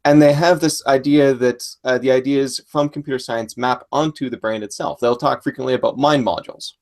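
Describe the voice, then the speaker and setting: A man's voice: mid-range voice, fairly even intonation, fairly quick, darkish tone. A man, a computer scientist, chatting casually over a video call with many fillers.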